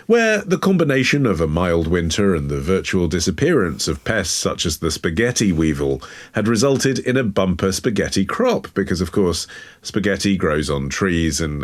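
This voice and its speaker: A man's voice: low voice, very animated, moderate pace. A man co-hosting a history podcast, reading a scripted intro with dry irony and then chatting casually. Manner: dry, ironic delivery. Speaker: podcast co-host.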